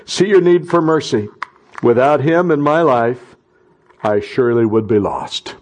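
Speaking at a measured pace in a mid-range voice, this middle-aged pastor delivers his sermon conversationally, then builds to loud, impassioned cries.

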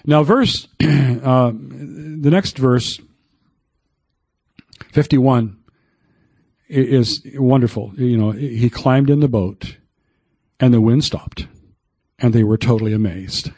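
An older male pastor delivering a folksy sermon at an unhurried pace. He talks emphatically and drifts into old hymns along the way. The sound is dry, with no room echo. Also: mid-range voice, darkish tone, husky.

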